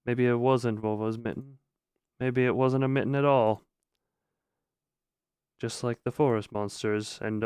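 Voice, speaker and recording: Young guy streamer reading a visual novel, smooth clear voice, cracks dry jokes, soft music behind. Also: mid-range voice, no room sound. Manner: dry, joking commentary between narration. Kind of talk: reading a visual novel aloud with jokey asides.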